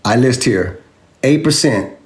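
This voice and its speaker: Male vlog host, average pitch, emphatic and needling, speaks directly to the viewer. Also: expressive, takes it slowly. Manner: emphatic, repetitive, taunting; addresses a commenter directly. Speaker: crypto video host. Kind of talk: animated direct-to-camera rebuttal.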